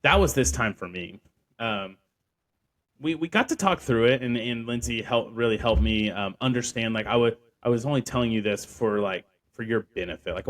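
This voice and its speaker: A young man hosting a podcast, telling a personal story in a rambling way with lots of fillers and restarts. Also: fairly low pitch. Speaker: podcast host. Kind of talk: casual storytelling.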